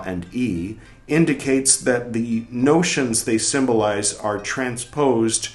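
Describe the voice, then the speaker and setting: A man reading a text aloud slowly and deliberately, saying "quote" and "end quote" and pausing now and then to comment. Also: mid-range voice. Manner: pauses to comment on the text with small asides. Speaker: reader of a text on Buddhist mantras. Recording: roomy echo, faint music behind.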